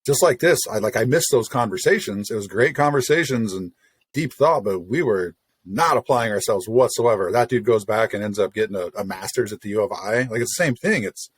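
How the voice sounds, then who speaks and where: Husky-voiced male podcast host. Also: fairly low pitch, brisk. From Illinois. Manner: relaxed, rambling, agreeable. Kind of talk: casual interview chat.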